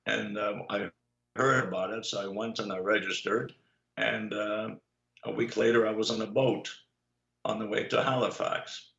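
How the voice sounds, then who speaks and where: An older man telling personal stories in an interview, unhurried and anecdotal, pausing often on "uh". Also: on the low side, steady tone, gravelly, a bit bright. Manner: unhurried anecdotal storyteller, many "uh" pauses. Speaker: guest, Holocaust survivor. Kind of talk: storytelling in an interview. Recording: echoey, dull lo-fi recording.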